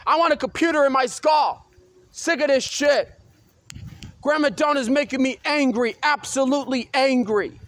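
A man ranting on his own in an agitated, repetitive way, swearing and breaking into loud outbursts. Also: extremely high pitch, moderate pace, no room sound. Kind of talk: solo rant to camera.

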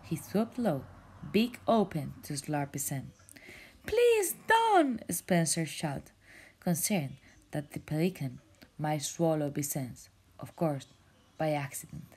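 A woman reading a children's story aloud, often in a soft whisper, stopping to ask the child questions. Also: sits low, slightly rough. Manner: slow, often whispered narration with asides to a child.

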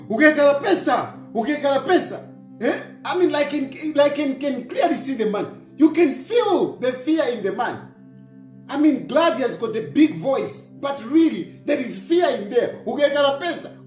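A man with a Zambian accent, pitched high and swinging widely as he mocks, firing the same pointed question again and again. His voice rings in an echoey room with faint music underneath. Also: darkish tone. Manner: mocking, repeats rhetorical questions, mixes in local phrases. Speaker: political commentator. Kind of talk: opinionated online commentary.

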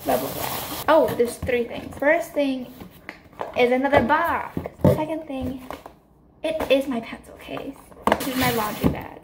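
Brief: teen girl vlogger, bubbly and giggly, higher voice, noisy handheld phone audio. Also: unhurried. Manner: chatty, upbeat, giggly. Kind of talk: casual vlog chat.

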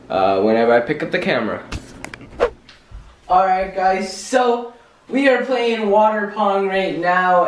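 A man vlogging in a casual chat, explaining things slowly with lots of fillers. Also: fairly high pitch. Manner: unhurried, filler-heavy explaining. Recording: echoey room, far from the mic.

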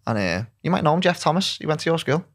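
A man's voice: fairly high pitch, sing-song, fast. A man with a Liverpool Scouse accent, a guest on a casual podcast, talking in a laid-back way and dropping "lad" and "yeah" all through. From Liverpool, England.

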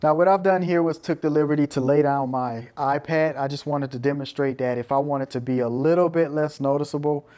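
A man's voice: a little high, fairly even intonation, fairly quick, few pauses, darkish tone. Casual man demonstrating his gear. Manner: conversational, tags lines with "right?" and "you know". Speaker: video creator showing his gear. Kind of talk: casual show-and-tell walkthrough.

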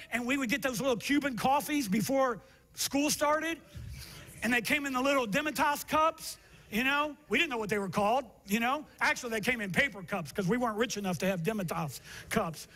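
A male pastor preaching a sermon, telling stories from his youth and building to emphatic, shouted passages. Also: very high voice. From Miami area, United States.

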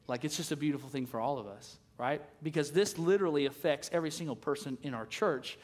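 A male senior pastor preaching a sermon in a casual, animated way, acting out conversations as he tells a story. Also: a little high, fast.

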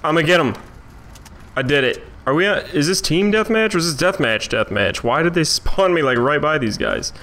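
Bright-voiced young man gaming. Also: fairly high pitch, moderate pace, a little hiss or hum. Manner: excitable, swearing, self-mocking. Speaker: gamer. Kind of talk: let's play commentary.

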